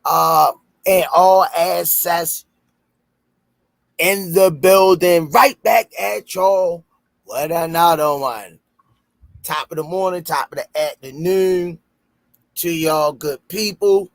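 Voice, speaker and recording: A man with a Baltimore accent hosting a casual podcast and reading sponsor shout-outs, loud and playful, breaking into high shouts when he jokes. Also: slow pace, gravelly, dry recording. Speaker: podcast host.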